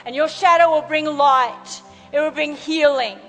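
A woman's voice: high voice, a little slow, long reverb tail, soft background music, poor audio. A woman preaching a sermon with fervor, calling out to her congregation for responses. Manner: fervent, calls out to congregation. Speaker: pastor.

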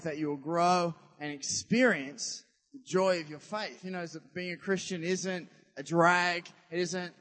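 A man preaches in a lively, chatty way, throwing questions out to the congregation. His voice sits high for a man. It rings with a long reverb from the church hall he speaks in. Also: unhurried. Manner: animated, conversational, quizzes the congregation. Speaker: pastor. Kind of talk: sermon.

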